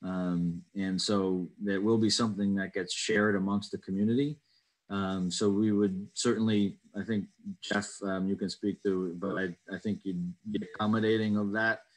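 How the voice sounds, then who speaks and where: Over a video call with poor audio, a man chairs an online town committee meeting, reading residents' questions and answering them carefully with lots of ums and uhs. His voice is on the low side with little pitch movement, at a moderate pace.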